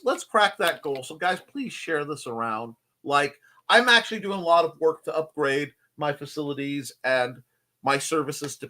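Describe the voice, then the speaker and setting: A man's voice: mid-range voice, bright, forceful tone. A man hosting a casual live stream from his home desk, rambling and joking and greeting people in the chat. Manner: rambling, jokey, greets chatters.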